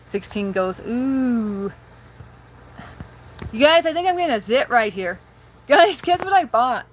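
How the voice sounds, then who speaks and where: A woman's voice: high voice, sing-song, moderate pace, a little hiss or hum. A woman hosting a casual livestream, chatting and rambling to viewers and laughing often, recorded on a handheld phone. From rural area near Boise, Idaho. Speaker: livestream host.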